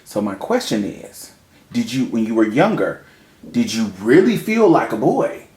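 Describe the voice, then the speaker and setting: A man's voice: medium pitch, very animated, measured pace, darkish tone, reverberant. A man interviewing a guest, asking long, winding, probing questions.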